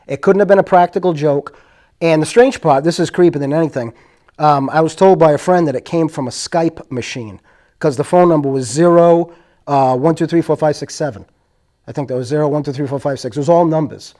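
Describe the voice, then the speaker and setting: A man with a slightly high voice talks through his stories casually. He rambles and circles back, but he stays earnest throughout. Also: brisk, warm tone. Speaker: host. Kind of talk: casual storytelling.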